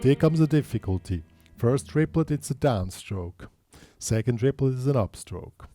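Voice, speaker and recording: A man's voice: medium pitch, lively intonation, unhurried. A man teaching a guitar lesson, explaining patiently step by step and counting beats aloud.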